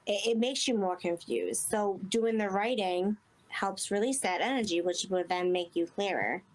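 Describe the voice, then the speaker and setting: A woman guest in a relaxed interview, speaking at a middling pitch. She talks earnestly and rambles, stringing thoughts together with frequent fillers. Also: moderate pace. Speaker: guest medium. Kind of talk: casual interview chat.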